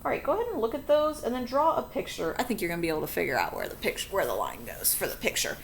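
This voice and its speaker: A woman's voice: medium pitch, very animated, rapid-fire, gravelly, a little hiss or hum. A woman teaching a phonics lesson to children, explaining board work patiently and chattily, correcting herself as she goes.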